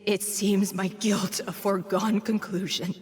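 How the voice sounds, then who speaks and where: An actress playing a calm, defiant accused spirit who speaks in measured tones. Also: female voice, medium pitch, natural voice.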